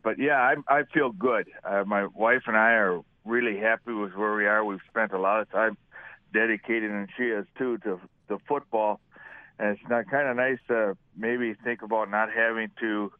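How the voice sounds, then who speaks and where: An older man, a retired football coach, speaking on a radio interview with fillers and halting restarts. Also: lowish voice, clear, resonant tone, dry recording. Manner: halting, with fillers and self-corrections. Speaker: retired high school football coach, guest. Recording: tinny phone line.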